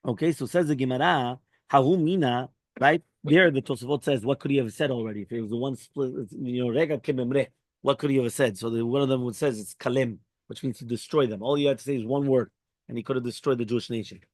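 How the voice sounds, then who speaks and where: Animated man teaching Talmud, dry sound. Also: fast, no room sound. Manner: animated, mixes Hebrew and Aramaic phrases into English explanation; acts out dialogue with raised pitch. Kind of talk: Daf Yomi Talmud class.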